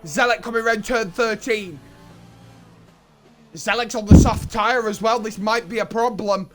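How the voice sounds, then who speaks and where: A young man doing excitable play-by-play commentary for an online racing league, building to shouts at close moments. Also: high-pitched, a little slow, over loud music. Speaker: race commentator.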